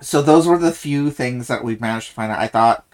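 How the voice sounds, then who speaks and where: Casting: podcast co-host who keeps restarting sentences, mid-pitched, casual book chat. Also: darkish tone. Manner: halting, many restarts and self-corrections.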